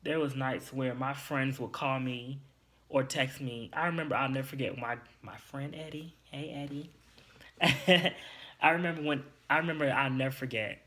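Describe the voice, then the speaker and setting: A man's voice: medium pitch, normal speed, fairly bright tone. A young man speaks in a candid, confiding way, like a podcast host telling his own story. His telling is emotional and a little teary, with plain, casual phrasing.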